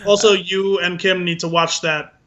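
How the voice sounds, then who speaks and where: A man co-hosting a podcast in casual chat, animated and acting out movie scenes in funny voices. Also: high voice, normal speed, highs cut off. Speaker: podcast co-host.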